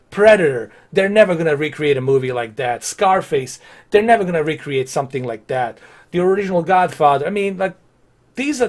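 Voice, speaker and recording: A man chatting casually on a live game stream, rambling with lots of fillers and restarts. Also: on the high side.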